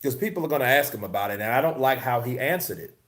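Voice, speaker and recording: A man's voice: mid-range voice, expressive, fast talker, a bit bright. A man hosting a casual live-stream about boxing news, swearing, laughing and reading the chat. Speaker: host.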